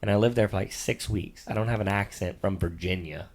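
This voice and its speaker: Deep-voiced dad teasing on a podcast. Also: male voice, fairly quick, a little mellow. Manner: teasing, playfully bossy. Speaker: podcast co-host, father. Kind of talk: casual sports-picks chat.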